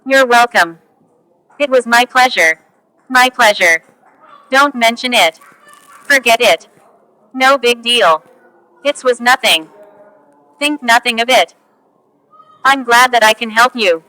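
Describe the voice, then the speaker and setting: A woman reading English example phrases one at a time for learners, slow and careful. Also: a little high, lively intonation, sharp tone, dry recording, poor audio. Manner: slow, careful, each phrase spoken on its own. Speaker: English teacher.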